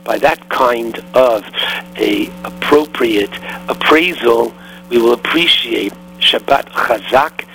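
A man's voice: medium pitch, fairly bright tone, poor audio. A man giving an earnest sermon as a rabbi, preacherly and rising on exclamations. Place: in Israel.

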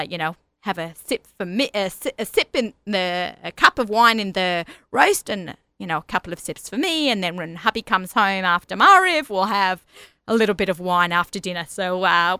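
Bright-voiced Australian woman chatting. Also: mid-range voice, lively intonation, normal speed, clear, resonant tone, no room sound. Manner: chatty, laughs often, self-correcting. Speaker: radio host. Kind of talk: casual chat.

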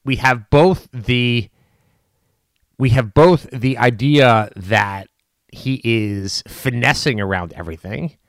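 A man's voice: medium pitch, takes it slowly, no room sound. Emphatic man giving dry political commentary. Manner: animated, emphatic, with frequent restarts and fillers.

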